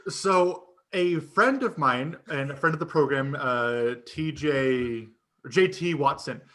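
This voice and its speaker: A man co-hosting a podcast, telling a story in casual chat, animated and profane, laughing often and acting out what people said. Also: on the high side, slow pace. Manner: animated, laughing storyteller who swears and acts out quotes. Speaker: podcast co-host.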